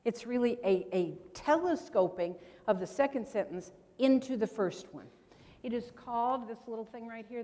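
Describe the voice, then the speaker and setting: A woman with a fairly high, darkish voice lectures on grammar at a convention, quizzing the audience with questions and tossing in playful asides. The meeting room is large, giving the recording a long reverb.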